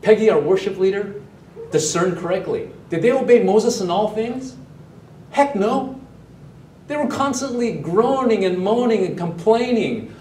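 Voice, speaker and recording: A male pastor preaching a sermon, animated, asking the congregation and online viewers questions. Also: sits high, unhurried, a little hiss or hum. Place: church sanctuary, also streamed online. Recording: roomy echo, mic at a distance.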